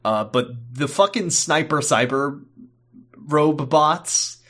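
A man's voice: fairly high pitch, animated, slow pace, fairly bright tone. A man co-hosting a casual podcast, recapping a TV episode in a rambling, profane way with goofy asides. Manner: rambling, swears, jumps into goofy robot voices. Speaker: podcast co-host.

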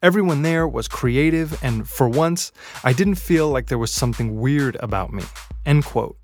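A man reading scripted documentary narration in a measured way, with wry asides. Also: medium pitch, animated. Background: faint music bed.

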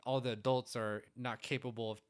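A man chatting casually about a film, relaxed and agreeable, thinking aloud as he goes. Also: mid-range voice, brisk, clean tone.

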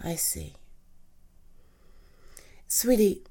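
A woman performing a romantic comfort audio roleplay, gushing and reassuring as she speaks to an unseen partner. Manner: slow, lively, swooping speech.

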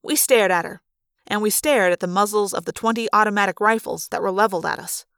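A woman narrating a first-person adventure story in a fan audiobook, in a steady, expressive storytelling manner. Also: mid-range voice, quick pace, clear, resonant tone, dry recording, clean studio sound.

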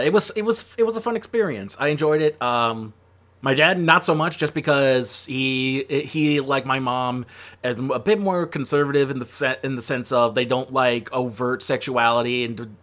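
A man's voice: medium pitch, fairly bright tone. A man giving a casual spoken film review, chatty and rambling, with lots of fillers and self-corrections. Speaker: movie reviewer.

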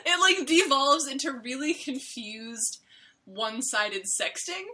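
A young woman co-hosting a podcast, chatting in a rambling, animated way. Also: high voice. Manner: rambling, animated, quick to laugh. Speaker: podcast co-host. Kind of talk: casual chat.

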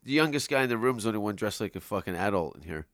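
A man's voice: on the low side, expressive, very fast, a bit bright, no room sound, studio quality. A man in casual podcast chat, crude and sarcastic, cracking jokes at his friends.

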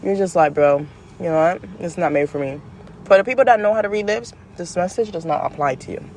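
A woman hosting her own show, talking in a casual, animated monologue full of slang, jumping up in pitch for emphasis and laughing as she goes. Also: fast, a little hiss or hum. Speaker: podcast host.

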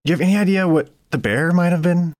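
A man co-hosting a podcast in casual chat, asking halting, stumbling questions. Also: high-pitched, a little mellow, no echo, studio quality.

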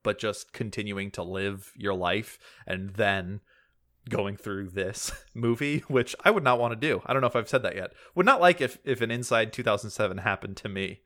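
A man with a lowish voice co-hosts a casual film podcast. He talks in a wry, rambling way, tossing in casual swearing as he goes. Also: normal speed, fairly bright tone. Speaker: podcast co-host.

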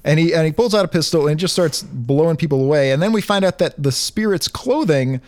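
A man recaps a comic book plot in a loose, rambling way, with lots of "uh" and restarts. His voice sits a little high, and the recording is close and dry. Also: lively intonation, a little fast, no room sound. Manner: rambling storytelling with many fillers and restarts. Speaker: podcast co-host recapping a comic. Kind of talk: casual chat.

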